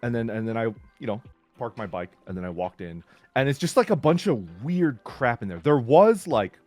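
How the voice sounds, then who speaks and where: A man's voice: mid-range voice, sing-song, normal speed, darkish tone. A middle-aged man casually telling stories about camping and cycling, talking in loose, restarting sentences full of "like.". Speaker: streamer. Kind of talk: casual storytelling. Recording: faint music underneath.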